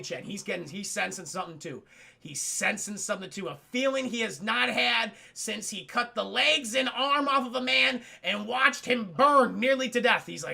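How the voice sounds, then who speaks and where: A man casually recapping a movie for a live chat, animated, joking and swearing freely. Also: high voice, creaky. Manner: animated, profane, jokey. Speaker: streamer.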